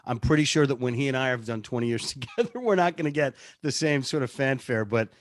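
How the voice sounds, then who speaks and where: A man's voice: mid-range voice, lively intonation, fast talker, no echo, studio quality. A man, a radio producer, telling stories casually in an interview, chatty and self-deprecating. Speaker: radio show producer and on-air personality.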